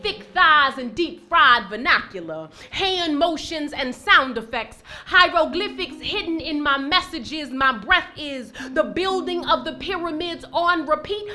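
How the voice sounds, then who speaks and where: A young woman from Maryland with an American accent, performing spoken word poetry with rhythmic, emphatic recitation and soft, hesitant spoken introductions at an indoor live event. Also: high-pitched, big pitch swings, unhurried, hardly any pauses. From Maryland, USA. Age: young adult. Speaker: poet.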